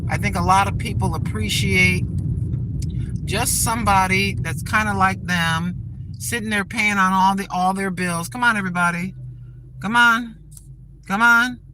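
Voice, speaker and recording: Chatting from behind the wheel, an older woman vlogs casually to her audience, weaving in religion and asking for subscribers in a folksy manner. Her mid-range voice is steady and moderately paced, while loud road noise from the moving car fills the background.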